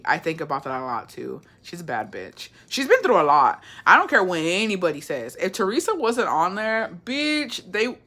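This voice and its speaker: A young adult woman chats casually with her viewers. Her voice sits slightly low yet sounds bright and forceful. She talks bluntly, swears freely and calls everyone bestie. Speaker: livestream host reading viewer comments. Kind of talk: casual chat.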